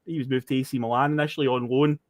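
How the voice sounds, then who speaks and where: A man's voice: mid-range voice, little pitch movement, racing, no echo, clean studio sound. A Scottish man hosting a football podcast, recapping the season in a chatty, rambling way. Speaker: podcast host. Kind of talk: casual chat.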